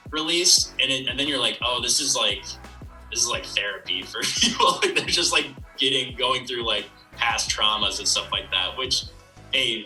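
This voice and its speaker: A comedian speaks casually in an interview, rambling and reflective as he thinks out loud. His voice is very bright and a little low. He sits back from the mic, and faint music plays underneath. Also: distant mic, poor audio. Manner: rambling and reflective, many fillers.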